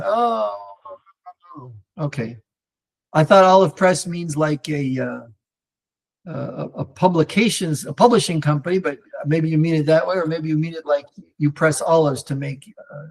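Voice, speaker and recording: A rather high-voiced man leads a live online Torah class. He swings his pitch up and down freely as he explains, answers viewers, and sprinkles in Hebrew words, with frequent restarts and fillers. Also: animated, a little slow, creaky. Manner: mixes in Hebrew terms.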